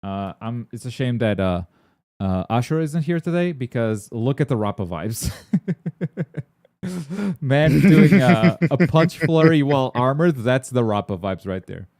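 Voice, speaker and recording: A man hosting a gaming and anime news stream in casual chat. He rambles excitably, with plenty of filler words and blunt swearing. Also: mid-range voice, a little slow, dry recording, studio quality.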